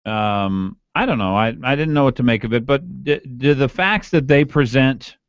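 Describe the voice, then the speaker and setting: A man's voice: mid-range voice, moderate pace, no room sound. A man co-hosting a morning talk radio show, asking questions in an easygoing way. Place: radio studio. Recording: dull, dry AM radio broadcast.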